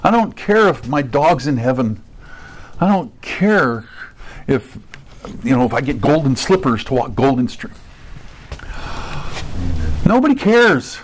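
An earnest male preacher, mid-pitched, delivering a sermon. He sinks into low, hushed passages and then climbs into pointed, emphatic questions. Now and then he acts out the voices of imagined listeners. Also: sing-song, a little slow, long pauses. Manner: earnest preaching, swinging from low, quiet stretches to high, emphatic bursts. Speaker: pastor.

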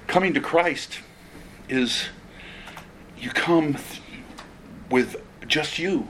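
A man's voice: a little high, extremely slow, long pauses, fairly bright tone, slight background noise. Earnest conversational male preacher. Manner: earnest, conversational, with restarts and quoted asides. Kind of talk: expository sermon.

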